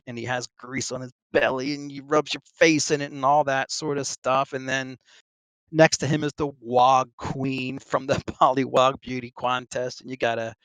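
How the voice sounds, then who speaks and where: A middle-aged man talking over an online voice call with a dry, close sound. He wanders through a long casual story, stopping for ums and small laughs. His voice sits at an ordinary pitch. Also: a bit bright, smooth, dry recording. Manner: rambling, full of ums and restarts, laughs between phrases. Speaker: Navy veteran guest.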